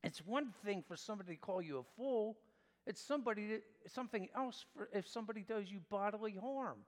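High-voiced man preaching in an echoing hall. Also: fairly quick. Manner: emphatic preaching with wide swings in pitch and loudness. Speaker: pastor. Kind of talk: sermon.

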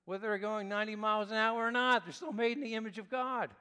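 Male pastor, sermon delivery, emphatic and dynamic, fairly high voice, long room reverb. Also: fast, clear, resonant tone. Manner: emphatic preaching with wide swings in pitch and loudness.

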